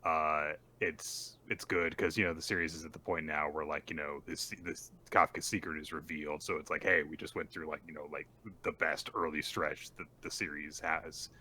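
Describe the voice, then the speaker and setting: A man's voice: very deep voice, level tone, moderate pace, hardly any pauses, bright, forceful tone, a little hiss or hum. A man co-hosting a manga podcast, chatting casually with many fillers and restarts over a remote call. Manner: rambling, many fillers, laughs at jokes. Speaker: co-host of a manga recap podcast.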